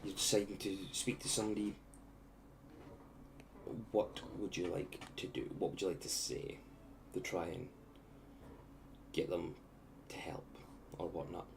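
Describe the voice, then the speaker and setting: A man narrating a tabletop game as game master, relaxed and rambling, with many fillers. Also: sits low, measured pace, vocal fry, pauses often, noisy background.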